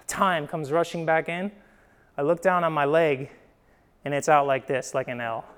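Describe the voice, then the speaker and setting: A young male preacher from Ohio delivers his sermon like a story told to friends. His voice sits high and sounds smooth and resonant. He punctuates points with "right?" and moves between emphatic swells and hushed drops. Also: steady tone, measured pace. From Midwest US, Ohio. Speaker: pastor.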